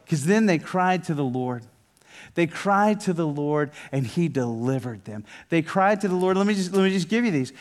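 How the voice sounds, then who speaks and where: A man preaching a sermon as pastor, reading scripture aloud and swinging between emphatic preaching and hushed, near-whispered prayer. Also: a little high, animated. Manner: reads scripture aloud with dramatic pauses.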